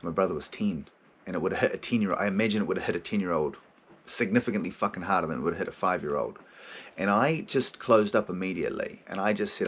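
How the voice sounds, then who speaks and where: A man's voice: lowish voice, very fast, a bit bright, breathy edge. A man who hosts a podcast and works as a therapist, speaking frankly in a casual monologue, swearing freely, laughing often and acting out his own inner voices.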